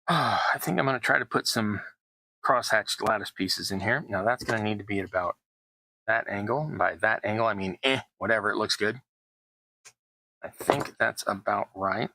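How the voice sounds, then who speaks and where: A middle-aged man who makes terrain-crafting videos narrates casually as he builds tabletop scenery, rambling and teasing himself. He sounds low, creaky and sharp at a moderate pace, with no room sound and poor audio.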